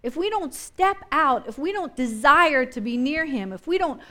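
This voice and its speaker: A woman's voice: high voice, animated, normal speed, bright, forceful tone. A woman preaching a sermon, impassioned and repetitive, building up and easing back in intensity.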